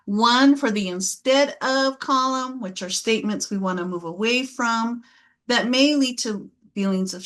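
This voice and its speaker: Woman, workshop facilitator, encouraging, upbeat, fairly high voice. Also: a bit bright. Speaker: parenting class facilitator. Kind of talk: leading a group workshop.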